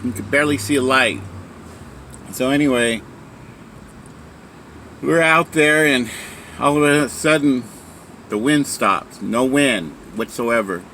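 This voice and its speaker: Man, casual storyteller, bright voice, rambling with fillers, faint hum behind. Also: medium pitch, a little slow, pauses often. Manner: rambling, many fillers and restarts. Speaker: speaker sharing a story.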